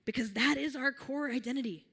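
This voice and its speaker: A woman preaching a sermon in an earnest, gentle, conversational way, often restarting her phrases and leading listeners through a guided imagination exercise. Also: sits high, brisk, husky.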